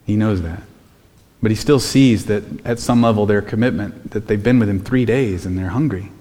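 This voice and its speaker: A man's voice: lowish voice, moderate pace, mellow, long reverb tail. A man preaching a sermon as pastor, in a conversational way full of rhetorical questions.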